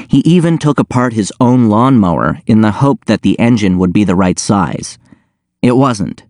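A man reading a first-person audiobook in a wry, deadpan manner. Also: lowish voice, no room sound, clean studio sound. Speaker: audiobook narrator.

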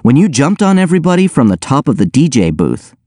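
A man's voice: on the high side, very animated, fast talker, mellow, no room sound, voice pushed up. A sour schoolboy, put on by a male reader jabs at a friend. The tone is dry and close, kept near the reader's own voice.

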